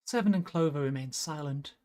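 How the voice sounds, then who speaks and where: A woman's voice: sits low, brisk, mellow. A woman streamer narrating a visual novel and chatting casually, thinking aloud between passages.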